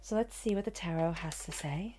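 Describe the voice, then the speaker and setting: Woman, tarot reader, soft soothing delivery, slightly low pitch. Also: fairly quick, a little hiss or hum. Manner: soft, soothing and upbeat, with whispered meditation passages. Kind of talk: channeled tarot reading.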